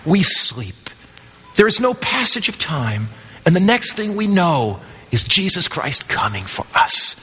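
A man pastor preaching a sermon, building to loud emphatic passages and then dropping back down. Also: high-pitched, big pitch swings, a little slow, husky. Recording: long hall reverb.

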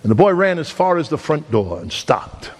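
A middle-aged man preaching a sermon, telling a story with dramatic swings between loud emphasis and hushed, slow lines. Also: a little high, big pitch swings. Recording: long hall reverb.

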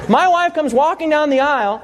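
A man's voice: extremely high pitch, expressive, a little fast. A man preaching a sermon, telling a personal story and asking the congregation questions.

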